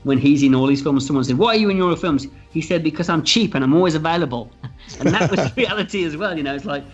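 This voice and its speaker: A man telling stories as a guest in a casual interview, lively and animated. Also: on the high side, fast talker, slightly rough. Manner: animated, acts out quoted voices. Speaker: film director interviewed as guest. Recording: dull lo-fi sound with faint music.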